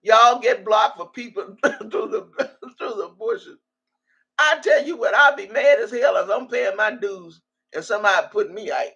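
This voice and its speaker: A woman's voice: a little high, normal speed, gravelly, a bit bright, breathy edge. A woman in her sixties hosting a casual livestream, reading viewer comments aloud in a loose, salty way and laughing often.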